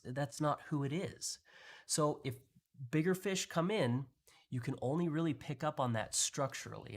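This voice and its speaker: Man, trading chart walkthrough, conversational, mid-pitched voice, restarts and pointing phrases. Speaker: market analysis host.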